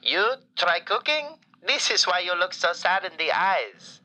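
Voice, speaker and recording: A man playing a warm, flattering falafel shop owner who calls in to a radio show, speaking broken English with dropped articles and deadpan compliments. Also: sits high, unhurried, full character voice, low-quality recording. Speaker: caller. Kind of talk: comedic radio call-in sketch.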